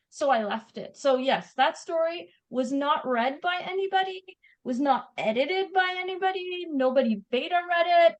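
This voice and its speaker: A woman's voice: high voice, expressive, normal speed, few pauses, rough recording. A woman with a Canadian accent, a guest author chatting animatedly about her writing in an interview. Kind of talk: casual interview chat.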